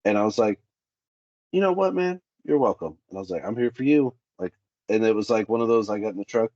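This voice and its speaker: A man's voice: lowish voice, quick pace, no echo, highs cut off. A man in a candid interview, a safety specialist who tells workplace stories and acts out the dialogue. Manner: animated, acts out quoted dialogue.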